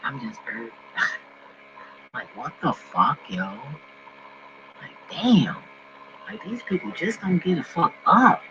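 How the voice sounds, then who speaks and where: A man ranting casually and profanely to his viewers from home, swinging between loud outbursts and low mumbling. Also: very animated, takes it slowly, long pauses. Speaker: vlogger. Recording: dull lo-fi recording with faint mains hum.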